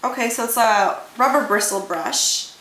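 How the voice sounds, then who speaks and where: Young woman, casual haul chat, gushing, bright voice, echoey room, faint hiss. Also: fairly high pitch, normal speed. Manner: gushing, enthusiastic, repeats words. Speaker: beauty vlogger.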